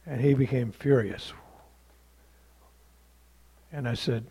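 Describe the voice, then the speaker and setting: A man's voice: medium pitch, slow pace, creaky, dark tone, slightly rough. A man pastor telling a story in a sermon, plainly and conversationally, acting out the dialogue.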